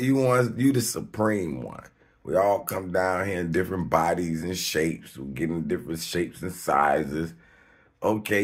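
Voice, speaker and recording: A man hosting his own video, talking off the cuff in a slangy, emphatic way, swearing freely and laughing between points. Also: breathy edge. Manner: emphatic, slangy and rambling, with sudden high-pitched outbursts. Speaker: video host. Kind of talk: unscripted monologue to camera.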